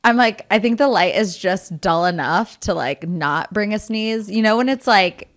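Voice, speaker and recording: A woman's voice: medium pitch, lively intonation, moderate pace. A young woman co-hosting a podcast, chatting casually and animatedly, swearing freely and acting out what others might say. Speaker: podcast co-host. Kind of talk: casual chat.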